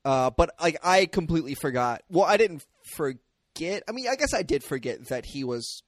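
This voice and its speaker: A man co-hosting a loose movie conversation who talks haltingly, with frequent "like" and "um". His voice sits slightly high, with a dry, close sound and no room echo. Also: very animated. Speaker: podcast co-host. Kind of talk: casual film discussion.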